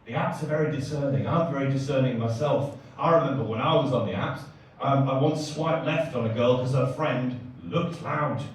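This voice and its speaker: A man's voice: medium pitch, moderate pace, hardly any pauses. A man in his thirties performing a chatty, self-mocking stand-up comedy set in a live comedy club. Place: comedy club stage before a live audience. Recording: echoey live room, distant mic, crowd laughter.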